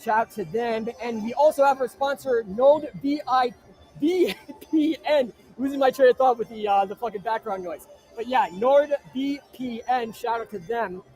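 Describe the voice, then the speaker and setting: A man from New Jersey hosts a live chat stream from inside an arena, his voice pitched unusually high. He reads viewer comments and trades crude, brash jokes with them. Faint music plays underneath. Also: measured pace. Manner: brash, crude joking shout-outs. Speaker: livestream host.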